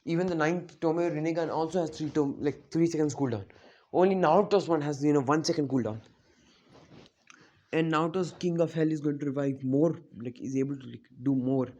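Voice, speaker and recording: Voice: mid-range voice, fairly quick, darkish tone, muffled recording. A fan storyteller casually narrating an anime what-if plot off the cuff, rambling with many fillers and self-corrections.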